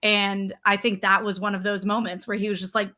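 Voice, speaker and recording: A woman guest on a live discussion show, giving thoughtful, measured analysis in casual chat. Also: mid-range voice, flat delivery, pushed and bright. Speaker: guest panelist.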